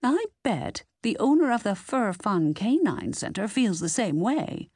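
A woman reading the part of an older woman friend who reasons things out briskly. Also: mid-range voice, sing-song, a little mellow, no echo, studio quality, voice pushed up.

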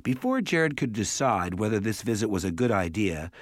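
A man reading a story aloud as an audiobook narrator, in a measured, even way. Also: fairly low pitch, no room sound, studio quality. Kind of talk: scripted narration.

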